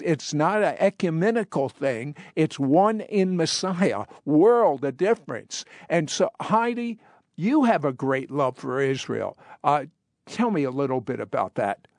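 Male talk show host, earnest preaching tone, slightly high, dry close sound. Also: darkish tone, no echo. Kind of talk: interview talk.

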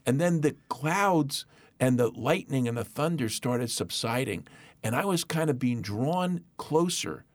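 Middle-aged guy telling his testimony, really lively pitch, acts out voices, dry sound. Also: measured pace, no echo. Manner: animated storyteller acting out voices. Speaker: guest.

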